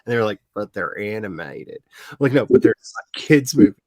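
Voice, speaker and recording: A man in his forties hosting a casual chat, telling animated stories, laughing often and acting out quotes. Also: fairly low pitch, fairly quick, no echo. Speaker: host.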